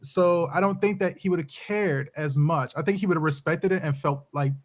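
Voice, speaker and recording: A man on a casual podcast talks loosely and swears as he thinks out loud, often restarting his sentences. His voice sits somewhat high for a man. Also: moderate pace. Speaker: podcast co-host.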